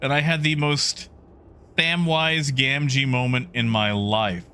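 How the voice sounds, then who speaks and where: A man's voice: mid-range voice, steady tone, slow pace, bright, forceful tone, smooth. A man streaming a game, chatting casually and greeting viewers in the chat by name.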